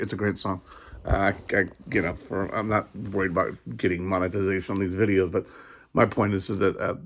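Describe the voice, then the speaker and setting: A tired man recording a casual personal video message, talking in a rambling, halting way with many fillers and restarts. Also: lowish voice. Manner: sincere, grateful. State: tired, yawning. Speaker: vlogger.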